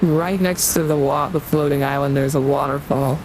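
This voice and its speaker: A man's voice: fairly high pitch, steady tone, normal speed, over music, rough recording. A young man streaming, chatting casually and rambling while he reads out donations, into a desktop USB mic. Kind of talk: casual livestream chat.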